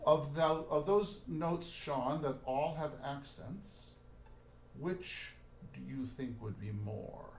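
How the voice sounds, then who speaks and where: A man's voice: fairly high pitch, slow, music in the background. A man leading a hands-on violin workshop, chatty, singing phrases and checking in with "right?" as he coaches the players. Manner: chatty, sings phrases, frequent "right?" and "okay?". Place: room with musicians playing.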